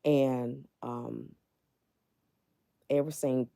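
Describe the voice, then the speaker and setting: Brief: middle-aged woman, low mellow voice, candid live-stream host talking straight to viewers from bed, dry close sound. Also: fairly even intonation, extremely slow, gravelly, no echo. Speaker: livestream host. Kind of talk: casual live-stream chat. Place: in bed at home.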